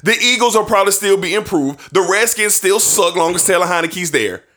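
A high, bright male voice that swings widely in pitch as he rants about football. He is a sports talk host in his thirties, passionate and heated, and at times he pushes up to a shout. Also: expressive, fairly quick. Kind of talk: heated sports opinion rant.

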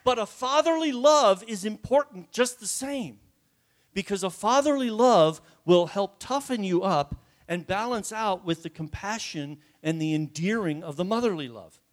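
A man's voice: sits high, animated, moderate pace. A man preaching a sermon to his congregation in a folksy, joking way, often asking them questions. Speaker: pastor. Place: church before a congregation.

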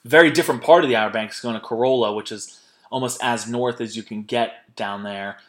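A man's voice: mid-range voice, brisk, a bit bright. A young man hosting a podcast in casual, rambling chat, laughing often and swearing freely. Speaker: podcast host.

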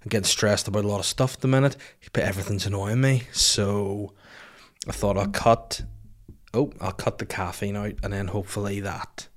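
A man's voice: lowish voice, fairly even intonation, moderate pace. Weary, profane man ranting on a podcast. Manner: profane, rambling comic storytelling. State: tired. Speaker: podcast host. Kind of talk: casual solo podcast rant. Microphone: podcast microphone.

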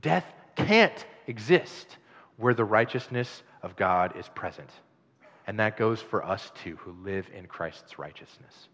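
A male pastor preaching a sermon in a conversational, animated way, with chatty asides to the congregation. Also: mid-range voice. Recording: dull sound in a long-reverb hall.

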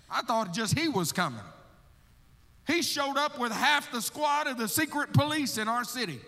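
A guest missionary preaches in a church sanctuary, his voice high and bright. He tells his story with lively energy, acting out his prayers and calling out "brother" to the congregation. A long reverb from the hall trails each phrase. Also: normal speed. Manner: calls listeners brother, laughs between stories. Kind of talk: storytelling sermon testimony.

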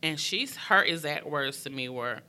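A young woman candidly telling a personal story, talking frankly and emotionally in quick bursts. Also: deep voice, animated, pushed and bright, clear, resonant tone. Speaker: guest sharing her story.

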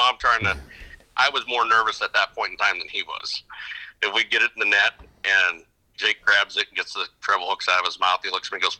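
A man's voice: low voice, fairly quick, bright, forceful tone, poor audio. A middle-aged man, a fishing guide, telling stories in casual interview chat, rambling with many restarts. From upper Midwest of the United States. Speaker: fishing guide and podcast guest.

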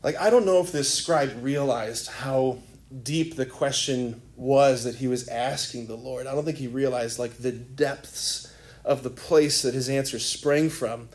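A man's voice: mid-range voice, a little slow, darkish tone. A man preaching a sermon as a priest, telling a story in a casual, rambling way full of "like" and "right?". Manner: conversational storytelling, filler-heavy. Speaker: Catholic priest.

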